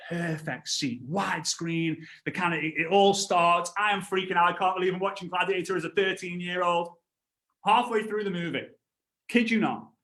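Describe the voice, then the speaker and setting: Man, thirties, motivational trainer, high voice, roomy echo. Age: 30s. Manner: storytelling, acts out voices, shouts and laughs. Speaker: network marketing trainer. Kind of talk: animated motivational training talk.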